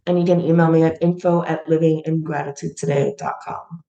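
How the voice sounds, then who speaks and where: A woman's voice: sits low, little pitch movement, brisk, mellow, muffled recording. Middle-aged woman guest, earnest and emotional, recorded in a roomy space. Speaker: guest, founder of a gratitude platform. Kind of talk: heartfelt storytelling in an interview.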